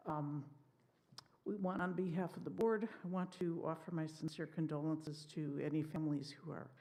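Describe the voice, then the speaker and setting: Lower-voiced woman reading announcements. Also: fairly even intonation, normal speed, mellow. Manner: chatty, with fillers and self-corrections. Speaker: synagogue board member. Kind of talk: service announcements. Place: synagogue sanctuary.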